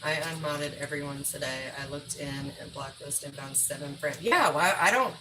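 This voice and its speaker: Blunt, low-voiced woman. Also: moderate pace, noisy background. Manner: blunt, profane, talks while putting away groceries. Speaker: livestreamer. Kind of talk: casual livestream chat. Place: home kitchen.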